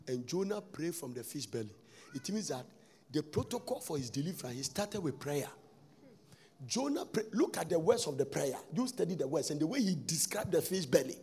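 Gravelly high-voiced preacher man. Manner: preaching with sudden shouts and sing-song lines. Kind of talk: sermon.

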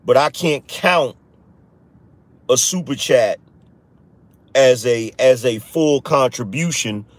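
A man's voice: mid-range voice, slow, long pauses, no echo. A man hosting a live-streamed political show, talking straight to his viewers and mocking critics. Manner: talks to viewers, mocks critics in a raised voice. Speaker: podcast host.

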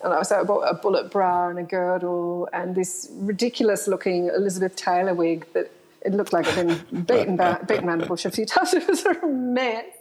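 Laughing often, a middle-aged woman guest and author recounts frank stories in an interview. Her brisk voice sits on the low side and is a little mellow, captured in a low-quality recording with a little hiss or hum.

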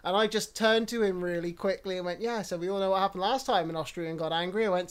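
High-voiced, unfiltered young British man. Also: quick pace, hardly any pauses, clean tone. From United Kingdom. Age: 20s. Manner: unfiltered, swears freely, animated storytelling. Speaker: podcast host. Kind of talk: casual conversation.

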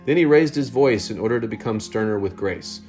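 Male storybook narrator, low voice, steady and measured, faint guitar behind. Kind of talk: storytelling read-aloud.

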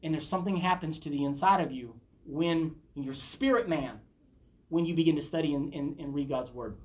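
A woman's voice: low-pitched, fairly quick, darkish tone. A middle-aged woman teaching a Bible study in an earnest, conversational preaching style, often asking her listeners questions.

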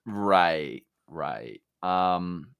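A man co-hosting a casual podcast, talking in an animated way, with his voice jumping up when he makes a point. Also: low-pitched, very slow, vocal fry, clear, resonant tone, no echo, dull audio. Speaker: podcast co-host. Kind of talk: casual chat about a fantasy baseball league.

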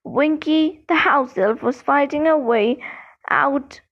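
A woman narrating a storybook in a slow, expressive reading. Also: high voice, lo-fi sound. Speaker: audiobook narrator.

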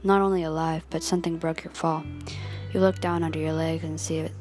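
Lower-voiced young woman narrating a story. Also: flat delivery, fairly quick, a little mellow. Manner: dramatic, questioning, earnest. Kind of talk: second-person story narration. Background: music.

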